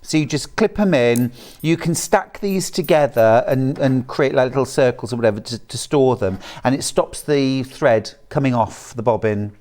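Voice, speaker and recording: On a live shopping channel, a British man presents in a chatty, jokey way, reading viewer messages between product pitches. He speaks at a moderate pace with a darkish tone.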